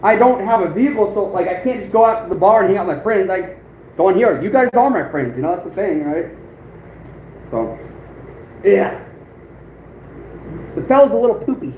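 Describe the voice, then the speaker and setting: Casual livestream host, man, 30s, high-pitched, rambling and chuckly, echoey room. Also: animated, normal speed, long pauses. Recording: phone-like echoey room with faint noise.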